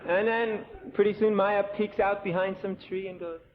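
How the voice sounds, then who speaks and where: A man giving a scripture lecture as a sermon, telling it with animated storytelling and sarcastic asides. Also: sits high, moderate pace. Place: temple lecture hall. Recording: tinny lo-fi 1980 tape with faint hiss.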